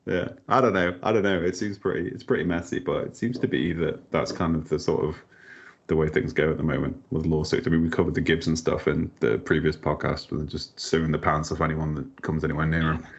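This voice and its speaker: A man's voice: extremely low pitch, steady tone, brisk, breathy edge. A man co-hosting a podcast, chatting casually and joking as he rambles. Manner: joking, rambling, laughs often. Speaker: podcast co-host. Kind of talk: casual chat. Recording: slightly dull lo-fi sound.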